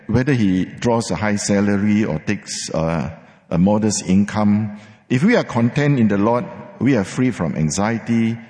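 A man's voice: on the low side, a little mellow. A man preaching a sermon, emphatic, repeating words for stress, with some fillers. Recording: long hall reverb.

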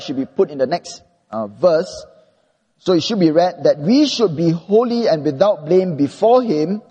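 Earnest high-voiced preacher in a hall. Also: male voice, dark tone, breathy edge. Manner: earnest, measured, slows for scripture reading. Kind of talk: expository sermon.

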